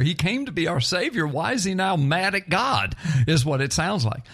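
Animated pastor man teaching on radio. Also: a little high, fairly quick. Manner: animated, earnest, frequent restarts, reads scripture aloud.

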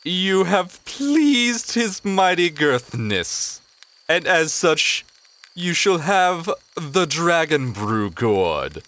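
A man voicing a pompous male goblin announcer who declaims slowly and grandly, drawing his words out. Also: a little high, sing-song, a bit bright, voice pushed up, heavily acted.

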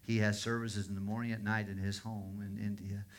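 A man's voice: on the low side, level tone, a little fast. A man preaching a sermon as a pastor, in a conversational storytelling manner that circles back on itself. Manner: conversational storytelling, with frequent restarts.

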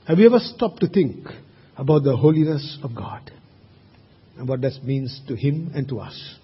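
A man's voice: fairly high pitch, expressive, moderate pace, husky. A man preaching a sermon at a church service, emphatic and asking his congregation rhetorical questions. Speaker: pastor. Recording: reverberant hall, muffled sound.

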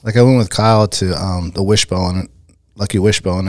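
An easygoing man chatting casually with friends and throwing in quick questions. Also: sits low, steady tone, no echo, studio quality. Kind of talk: casual chat.

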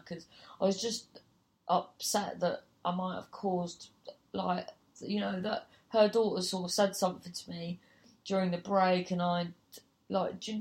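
A woman's voice: medium pitch, darkish tone. A woman comedian telling a gig story casually, swearing freely and acting out other people's voices. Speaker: comedian and compere.

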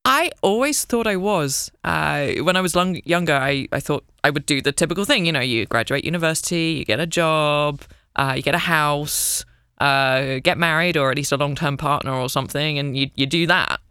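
A British woman, an English teacher, chatting as a guest in an interview, animated and self-mocking with a playful sense of humor. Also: sits low, normal speed, smooth, no room sound, clean studio sound. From Britain. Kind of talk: casual interview chat.

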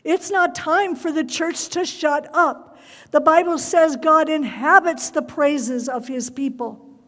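A woman preaching a fervent sermon, her voice rising to loud cries at its peaks. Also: high-pitched, long reverb tail.

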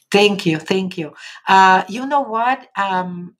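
A woman with an Argentinian Spanish accent, a native Spanish speaker, hosting a casual live stream and reading viewer comments in a gentle, encouraging way with many fillers. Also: medium pitch, takes it slowly.

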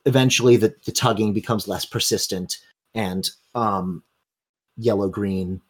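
A man narrates a tabletop game as its game master. His voice has a husky, breathy grain. He tells the scene in long, vivid run-on strings of detail. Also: lowish voice, steady tone, measured pace.

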